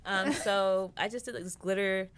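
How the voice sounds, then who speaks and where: A woman's voice: mid-range voice, steady tone, moderate pace, clear, resonant tone. A woman who works as a makeup artist, chatting casually with many fillers about her work. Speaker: makeup artist, podcast guest. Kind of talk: casual chat.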